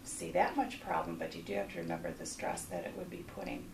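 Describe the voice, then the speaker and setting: A woman giving cautious, measured health advice in an interview. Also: deep voice, sing-song, creaky. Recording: echoey, distant, noisy.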